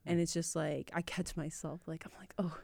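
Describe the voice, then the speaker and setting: Young woman, low voice, gravelly, casual podcast chat, dry close sound. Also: level tone, normal speed, darkish tone, no room sound. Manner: laughs often, chatty. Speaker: podcast guest.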